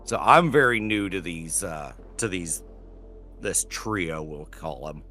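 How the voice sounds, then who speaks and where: A man's voice: deep voice, lively intonation, slow pace, bright, forceful tone, faint music behind. A man co-hosting a casual podcast chat, rambling and correcting himself as he goes, with casual swearing. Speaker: podcast co-host.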